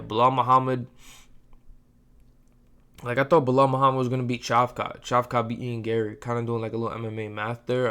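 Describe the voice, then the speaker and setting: A man's voice: fairly low pitch, a bit bright, clean tone. A man hosting a casual fight-predictions video, talking in a slangy, rambling way and calling the listener "bro" often. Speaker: host of fight prediction channel. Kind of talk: casual sports predictions talk.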